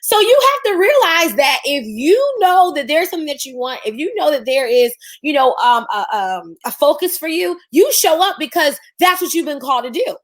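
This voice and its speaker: A woman's voice: sits high, big pitch swings, moderate pace, hardly any pauses. A woman business coach, teaching on a livestream in a sassy, preachy way and acting out mocking voices.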